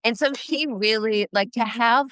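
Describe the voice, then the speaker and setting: A woman from the United States, talking as an interview guest in a halting, earnest way, often pausing to search for words. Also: a little high, fairly bright tone, no echo, studio quality. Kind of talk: casual reflective interview talk.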